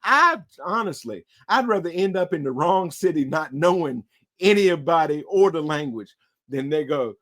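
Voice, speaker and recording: A man co-hosting a casual podcast about movies, with a high voice that swings widely as he talks. He tells stories with plenty of energy and acts out the other people in them. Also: normal speed. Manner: animated storyteller, acts out voices. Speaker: podcast co-host. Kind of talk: casual movie-discussion chat.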